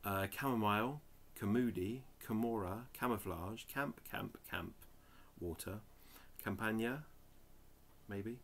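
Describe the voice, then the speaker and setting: Low-voiced man mumbling dictionary words. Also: a little slow, creaky, a bit bright. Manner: plodding word-by-word reading with muttered asides. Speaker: host reading the dictionary aloud. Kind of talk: casual reading of word lists.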